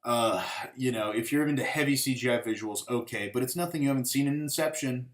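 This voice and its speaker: A man's voice: mid-range voice, fairly quick. A man hosting a casual film review, rambling through the plot with many fillers and profanity. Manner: rambling, profane, full of fillers, acts out quotes. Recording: echoey room.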